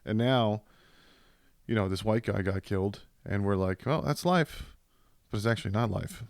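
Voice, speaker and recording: Guy with a lowish voice riffing on a comedy podcast, dry mic, jokey, jumps into silly voices. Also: little pitch movement, gravelly, darkish tone, no room sound. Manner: joking, slips into quick put-on voices. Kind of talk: casual comedy chat.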